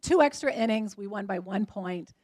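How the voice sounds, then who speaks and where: A woman in her forties giving a keynote talk at a luncheon, telling lively stories and acting out the voices of the people in them. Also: medium pitch, moderate pace, no room sound. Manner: lively storytelling, acts out quoted voices. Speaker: motivational speaker.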